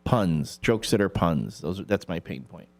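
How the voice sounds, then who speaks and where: A man's voice: low-pitched, normal speed. A man hosting a local morning radio show, chatting casually and joking with his co-host. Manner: animated, jokey, breaks into silly voices. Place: radio studio.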